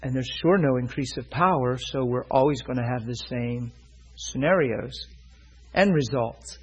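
Husky-voiced man preaching a story. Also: mid-range voice, unhurried, muffled recording. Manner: retells a personal story, quoting both sides; asks listeners if they follow. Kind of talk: sermon storytelling.

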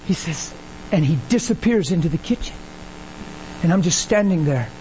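A man preaching a sermon, telling stories and acting out the dialogue with animated energy. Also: moderate pace, background noise. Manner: animated, acts out dialogue, rises in pitch when excited. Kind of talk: sermon with storytelling.

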